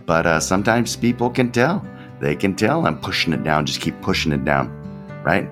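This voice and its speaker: A man's voice: low voice, lively intonation, normal speed, fairly bright tone, faint music behind. A man, a pastor hosting his own podcast, giving an unscripted devotional talk in a candid, conversational way, often repeating his phrases.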